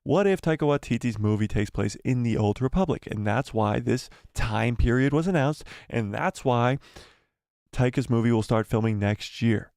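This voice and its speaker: Male stream host, animated, repeats himself, dry sound. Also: medium pitch, moderate pace, dry recording. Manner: animated, repeats himself while building theories. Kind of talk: casual live-stream commentary.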